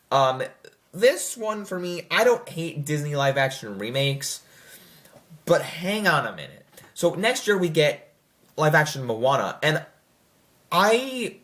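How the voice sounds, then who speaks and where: This young adult film reviewer has a mid-range, slightly bright voice. The commentary is casual and rambling, packed with fillers and self-corrections, and now and then slips into mocking quoted voices.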